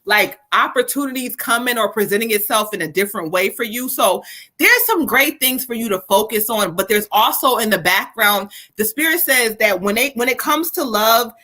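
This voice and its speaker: A woman hosting a casual live stream of card readings, her voice bright and sitting a little high. She jokes, laughs and curses freely with her viewers, then settles into giving the reading. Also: animated, normal speed. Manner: laughing, bantering, profane, addresses viewers directly.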